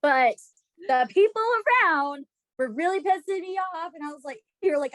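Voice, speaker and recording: A woman co-host tells stories in casual chat, her voice sitting a little high. She laughs often and acts out her own past lines. The sound is dry and close. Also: expressive, normal speed, fairly bright tone, no room sound. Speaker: podcast co-host.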